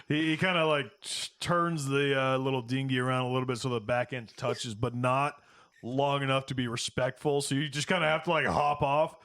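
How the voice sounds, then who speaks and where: Guy dming a tabletop game, mid-pitch, dry close sound, kinda halting. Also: steady tone, fairly bright tone, no echo. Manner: casual, halting descriptions with fillers. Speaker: game master.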